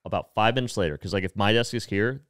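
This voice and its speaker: A man in his twenties, a comedian co-hosting a podcast, telling a work story in an animated, profane way. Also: lowish voice, quick pace, clear, resonant tone, dry recording, clean studio sound.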